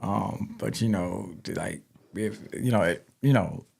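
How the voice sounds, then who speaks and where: A man's voice: fairly low pitch, slow pace, gravelly, a little mellow, slightly rough. A man co-hosting a casual livestream chat, joking and freestyling a playful birthday rap. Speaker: co-host.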